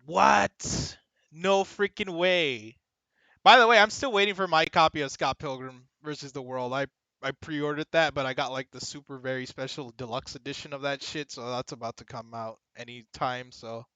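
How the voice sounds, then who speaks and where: A young man streaming a video game, chatting casually with his viewers, excitable and swearing often. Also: mid-range voice, fairly quick, no room sound, highs cut off. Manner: excitable, swears a lot, talks to chat. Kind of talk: casual gaming stream chat.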